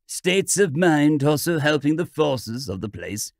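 A man voicing a stern, grave old priest who speaks in a solemn, measured way in an audiobook reading. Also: a little high, sing-song, vocal fry, no room sound, studio quality, exaggerated voice. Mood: earnest.

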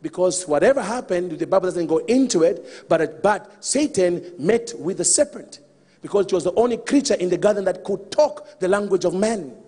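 High-voiced preacher in an echoing hall. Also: male voice, normal speed, husky. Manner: animated, calls out to the congregation. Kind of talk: sermon.

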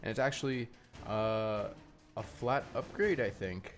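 A man's voice: lowish voice, measured pace, soft background music. A young man from Canada giving rambling, casual commentary while playing a video game, full of fillers and restarts, chewing candy as he talks. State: eating candy while talking. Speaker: gaming YouTuber.

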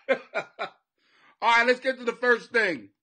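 Bright, forceful profane comic host. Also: male voice, very high-pitched, slow pace. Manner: rambling, profane, laughing at his own jokes. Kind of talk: loose profane comedy monologue. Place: home basement.

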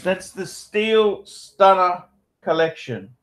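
A man's voice: high voice, expressive, slow, fairly bright tone. A man in his forties hosting a casual livestream, rambling, repeating phrases, swearing playfully and reading out donor messages. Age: 40s. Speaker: livestream host.

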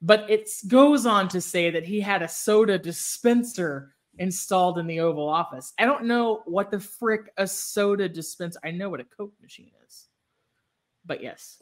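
A woman's voice: medium pitch, moderate pace. Chatty woman podcaster. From Texas. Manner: chatty, laughs easily. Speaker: podcast co-host. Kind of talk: casual chat.

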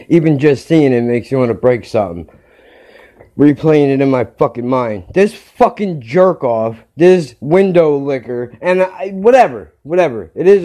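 A man's voice: a little high, warm tone. A man hosting his own podcast, telling a story in a heated rant and swearing constantly. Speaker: podcast host.

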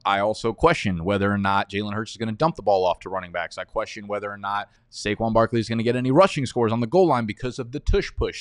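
A man's voice: on the low side, dry recording, clean studio sound. A man giving fantasy football rankings in a casual, blunt way, rattling off stats and sometimes stammering. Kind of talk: casual opinionated rankings rundown.

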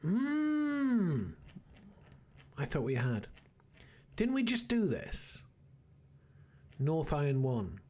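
A man's voice: a little high, huge pitch swings, extremely slow, pauses often, dark tone. A man hosting a let's play, muttering and thinking aloud as he plays, rambling with restarts. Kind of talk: casual gameplay commentary.

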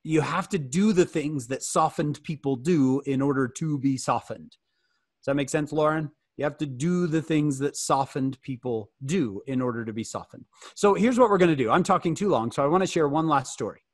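American fireside speaker, slightly high voice, animated and jokey, dry close sound. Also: male voice, normal speed, no room sound. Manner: animated, joking, asks the audience questions. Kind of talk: interactive fireside talk.

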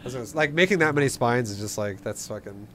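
A young man in an average pitch coaching a player through a replay, loose and casual. He swears freely, laughs easily and acts out little scenes to make his point. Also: expressive, fast talker, noisy background. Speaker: StarCraft coach.

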